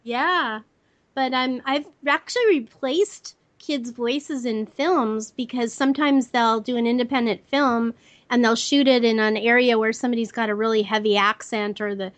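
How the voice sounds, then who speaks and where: Older woman voice actor, squeaky and upbeat, dry close mic, casual interview guest. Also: normal speed, dry recording. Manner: chatty, laughs easily, self-deprecating.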